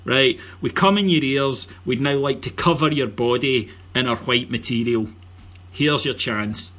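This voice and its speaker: A Scottish man hosts a casual football podcast, with a bright, forceful voice that has a husky edge. He jokes, teases his guests and rattles off plugs and announcements. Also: mid-range voice, measured pace. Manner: jokey, teasing, plugs the show. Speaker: podcast host.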